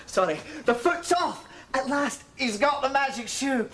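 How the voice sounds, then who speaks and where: A woman's voice: sits high, animated, unhurried, a bit bright. An actress playing a woman who reads a gory fairy tale aloud in a theatrical storybook way. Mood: macabre glee.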